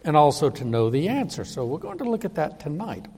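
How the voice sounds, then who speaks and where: A man's voice: fairly high pitch, big pitch swings, a little fast, warm tone, breathy edge, big-room sound. A man preaching a sermon with emphasis, often acting out the voices of the people he quotes.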